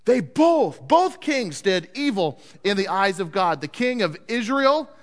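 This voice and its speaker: A man preaching and retelling a Bible story with animated delivery, asking his listeners questions. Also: high voice, measured pace. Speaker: pastor teaching a Bible story. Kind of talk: sermon. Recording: long hall reverb.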